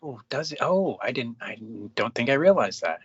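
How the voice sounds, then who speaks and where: A man's voice: medium pitch, sing-song, normal speed, slightly rough, no echo. Male podcast co-host, easygoing, chuckles often, dry lo-fi recording. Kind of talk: casual movie chat. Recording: dry, dull lo-fi podcast audio.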